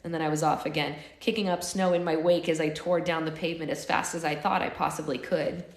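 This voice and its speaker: A woman's voice: low-pitched, quick pace. Woman reading aloud in an echoey room. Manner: animated, giggly asides. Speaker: book club reader. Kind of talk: live read-aloud with chatty asides.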